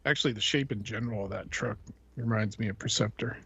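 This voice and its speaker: A man co-hosting a casual podcast, talking in a calm, matter-of-fact way. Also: on the low side, quick pace, creaky, breathy edge, dull audio. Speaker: podcast co-host. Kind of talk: casual chat.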